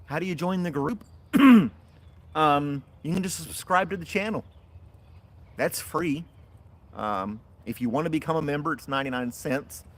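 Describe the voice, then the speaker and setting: A man's voice: fairly high pitch, moderate pace, pauses often. A man hosting a casual livestream from his backyard, rambling and chatting with viewers and laughing often. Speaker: livestream host. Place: outdoors in a backyard.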